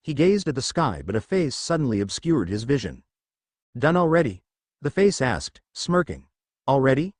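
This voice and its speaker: A man narrating a fan fiction story in a steady storytelling manner. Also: medium pitch, moderate pace, hardly any pauses, dry recording, studio quality.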